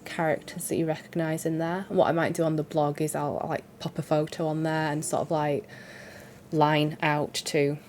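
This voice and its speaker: A woman's voice: low voice, little pitch movement, moderate pace, darkish tone, slight background noise. A woman, congested and sore-throated from a cold, chatting in a rambling, self-deprecating way about her cross-stitch. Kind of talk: casual chat.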